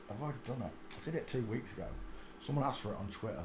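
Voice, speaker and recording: A man's voice: mid-range voice, animated, rapid-fire, dark tone, a little hiss or hum. A man, rambling crudely through a casual live stream and mocking himself. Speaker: host. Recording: echoey room.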